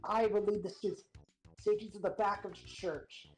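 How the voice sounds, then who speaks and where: A woman voicing a female teacher who turns out to be a war robot, read in a calm, measured way. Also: mid-range voice, soft background music, lightly acted, poor audio. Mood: flat robotic.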